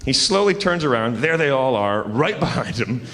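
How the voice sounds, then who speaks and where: A man doing stand-up comedy on a theater stage, telling an animated story and acting out the people in it. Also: medium pitch, normal speed. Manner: animated, acts out characters in his story. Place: large theater stage with live audience. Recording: live hall with loud crowd noise.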